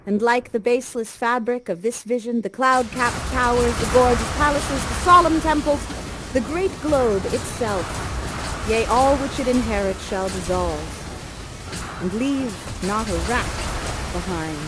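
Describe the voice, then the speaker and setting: A woman playing Prospero, slow solemn sorcerer. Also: a little high, close to an everyday voice, poor audio. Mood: wistful. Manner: slow, measured, theatrical delivery. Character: Prospero, aging male sorcerer, solemn and wistful. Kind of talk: Shakespeare verse recitation. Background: background music.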